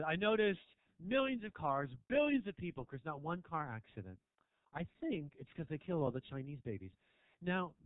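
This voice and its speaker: A man's voice: fairly high pitch, dry recording, phone-quality sound. A man doing a stand-up set in a small club, rambling provocatively and teasing the audience. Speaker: stand-up comedian. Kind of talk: stand-up set, crowd work. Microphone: handheld stage mic.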